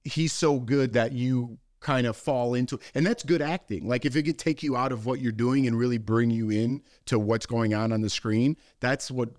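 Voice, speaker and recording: A man in his forties, co-hosting a podcast in relaxed, rambling casual chat with lots of fillers. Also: mid-range voice, normal speed, hardly any pauses, no echo, clean studio sound. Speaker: podcast co-host.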